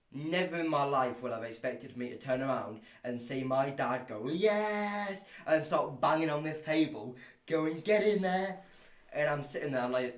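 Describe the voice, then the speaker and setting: Young man telling a story. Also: mid-range voice. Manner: rambling, many restarts, animated when excited. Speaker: podcast host and bowler. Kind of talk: casual storytelling chat. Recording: echoey room.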